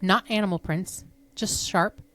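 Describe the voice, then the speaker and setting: A woman co-hosting a podcast, reading a spooky story in a hushed, suspenseful way. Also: mid-range voice, fairly even intonation, unhurried. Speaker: podcast co-host. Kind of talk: reading spooky stories aloud.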